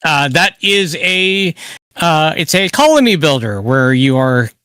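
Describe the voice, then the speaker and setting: Lively bright-voiced man in podcast chat. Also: a little high, a little slow, clean tone, no room sound, clean studio sound. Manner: relaxed, hesitant with many uhs. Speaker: podcast co-host.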